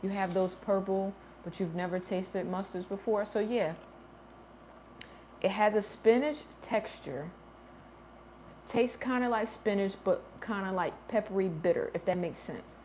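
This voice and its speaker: A woman's voice: mid-range voice, unhurried, a little mellow, slight background noise. A woman hosting a gardening livestream in casual chat, answering viewer comments and thinking aloud as she goes. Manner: chatty, thinks aloud, trails off and restarts. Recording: slightly dull lo-fi livestream audio.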